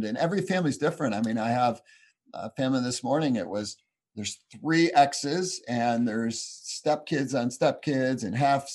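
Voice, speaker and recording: A man's voice: mid-range voice, a little mellow. A man in his forties, a pastor, answering interview questions in an earnest, heartfelt way with many fillers. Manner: earnest, heartfelt storytelling with frequent "you know" fillers.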